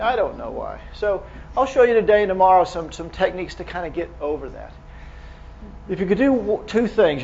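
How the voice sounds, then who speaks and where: A man's voice: on the high side, vocal fry, a little mellow, lo-fi sound, a little hiss or hum. A man giving a live lecture to clinicians, speaking casually and asking the audience rhetorical questions. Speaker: medical lecturer.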